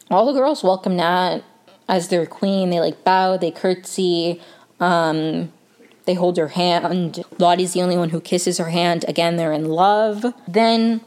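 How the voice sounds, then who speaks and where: With a darkish tone and fairly low pitch, this woman recaps a TV episode for her vlog. She keeps it loose and conversational, leaning heavily on "um" and "like."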